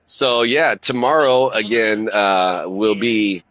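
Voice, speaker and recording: A man's voice: lowish voice, takes it slowly, no room sound, rough recording. A middle-aged man streaming a racing game, chatting casually and candidly, swearing freely and leaning on "man" and "right?". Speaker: live streamer. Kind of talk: casual chat while playing a racing game. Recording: loud car engine noise behind the voice. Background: racing game car sounds.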